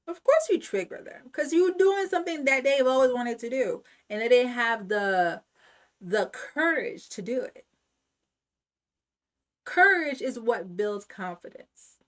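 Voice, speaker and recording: A woman's voice: on the high side, fairly bright tone. A woman hosting a motivational self-help talk, speaking emphatically and repeating her points like a preacher. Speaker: channel host.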